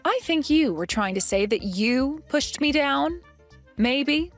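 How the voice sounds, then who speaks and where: A woman's voice: sits high, animated, slow pace, soft background music, heavily acted. A woman voicing a young pregnant wife who questions others in a firm, earnest way. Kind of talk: animated story voice acting.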